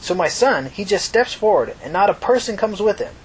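A man reading a novel aloud, voicing a chatty old woman who tells a story with animated, urgent quotes. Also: high-pitched, brisk, slight background noise, voice pushed up, poor audio. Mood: earnest.

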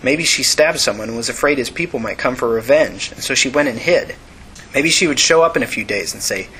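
A male narrator reading a novel aloud at an even, steady pace. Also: mid-range voice, a little hiss or hum, poor audio. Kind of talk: audiobook narration.

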